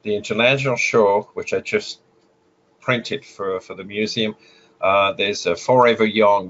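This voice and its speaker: In slightly muffled lo-fi audio, a man with a French accent advises as a guest photographer during an interview. He fills his explanations with filler sounds and often restarts. His voice is medium-pitched and fairly bright.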